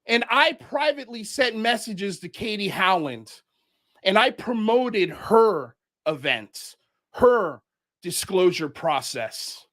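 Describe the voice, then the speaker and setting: A man's voice: sits high, big pitch swings, slow pace, fairly bright tone. A man from Miami hosting a livestream, ranting in heated commentary as he calls people out. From Miami, United States. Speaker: show host.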